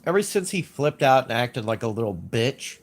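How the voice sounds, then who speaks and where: A man's voice: medium pitch, big pitch swings, normal speed. A man with a stuffy nose casually chatting on a livestream, rambling, repeating himself and giving blunt opinions. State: congested sinuses. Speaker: livestream host. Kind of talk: casual livestream chat, reading chat.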